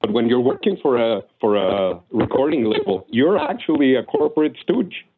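A man calling in to a radio show, talking haltingly with many restarts. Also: medium pitch, very animated, noisy background. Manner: hesitant, many restarts and fillers. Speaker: caller. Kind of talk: casual call-in chat. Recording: tinny phone line.

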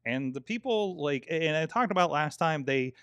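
A man's voice: a little high, lively intonation, moderate pace, fairly bright tone, smooth, no room sound, dull audio. A man co-hosting a podcast in casual chat, rambling with many fillers and restarts and swearing often. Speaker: podcast co-host.

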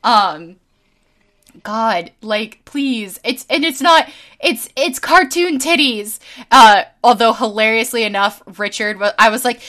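A woman co-hosting a casual chat podcast, swearing freely and ranting with low energy, full of fillers and halting restarts. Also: animated, fairly bright tone. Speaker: podcast co-host.

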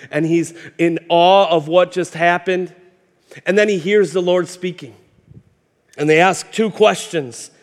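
A male pastor in his thirties preaching a sermon, impassioned and storytelling, stumbling over repeated words as he builds up. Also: fairly high pitch. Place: church sanctuary. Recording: hall reverb.

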